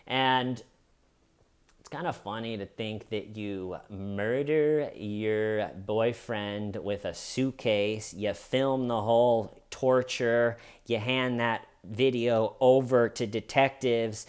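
A man's voice: on the low side, slow pace, clean tone. A man casually retelling an interrogation, putting on the voices of the people he quotes. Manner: animated storyteller, mimics the people he quotes. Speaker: true crime commentator.

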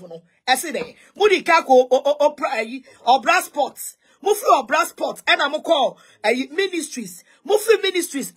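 A woman's voice: sits high, a bit bright. A Ghanaian woman ranting on social media, taunting with repeated mocking questions and switching between English and Twi. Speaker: online commentator. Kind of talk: heated social media rant.

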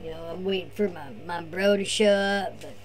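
A man's voice: high-pitched, steady tone, moderate pace, faint music behind, natural voice. A man voicing his laid-back surfer-dude cousin, who drawls slacker talk and tags bruh and man onto every line.

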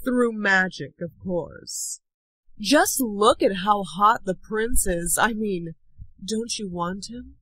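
A woman's voice: mid-range voice, a bit bright, no echo, low-quality recording. A woman playing a purring, scheming sorceress. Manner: slow, purring, coaxing. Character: scheming sly sorceress woman striking deals.

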